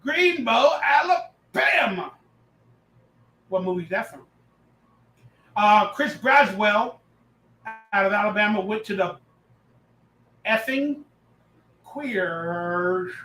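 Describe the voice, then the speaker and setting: A man hosting a casual live reaction stream, talking loudly and excitably, reading and answering chat messages as he goes. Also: high voice, takes it slowly, pauses often, roomy sound, low-quality recording. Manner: loud, excitable, reads chat aloud.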